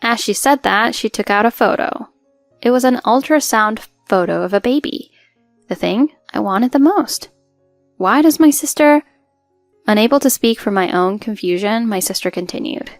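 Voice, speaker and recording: A young woman in her twenties narrates a first-person story in an earnest, hurt tone. Her voice sits fairly high and sounds close and dry, with faint music underneath. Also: expressive, normal speed, no room sound. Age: 20s.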